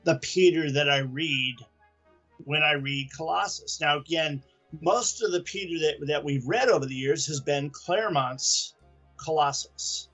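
A man co-hosts a comics podcast, his voice fairly high, unhurried and a bit bright over faint background music. He chats casually, rambling through his points and restarting as he goes.

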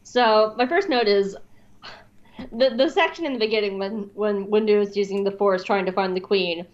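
A woman's voice: mid-range voice, normal speed. A woman co-hosting a podcast in casual chat, giggly and playful, teasing her co-host. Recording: dull lo-fi sound.

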